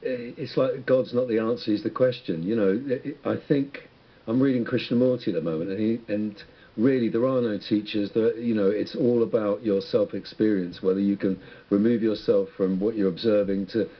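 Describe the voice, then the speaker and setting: A husky, low-voiced man, a musician, is the guest on a radio interview, speaking at normal speed. He muses in a rambling, reflective way, often restarting his sentences, and the sound is dull and lo-fi.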